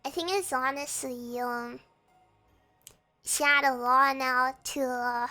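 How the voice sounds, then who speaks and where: A woman's voice: sits high, fairly even intonation, slow, pushed and bright, soft background music. A young woman streamer chatting casually while sick and feverish, her voice strained, fretful and rambling with frequent laughs. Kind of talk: casual livestream chat.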